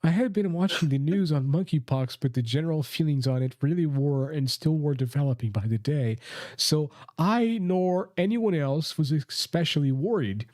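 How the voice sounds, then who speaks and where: A posh British reader, mock-formal and a touch high, as a man puts the voice on. The voice sits dry and close to the mic, with no room around it. The accent is a jokey imitation of upper-class English. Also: normal speed, a little mellow, no echo, close to an everyday voice. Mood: mock-earnest. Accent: posh British put-on. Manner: mock-formal, breaking into laughter. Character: posh British man reading an online post.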